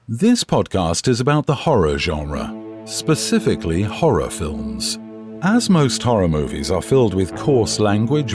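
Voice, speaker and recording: Solemn male voice reading a warning. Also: fairly low pitch. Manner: measured, formal, solemn. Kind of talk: scripted content warning. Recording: music bed behind voice.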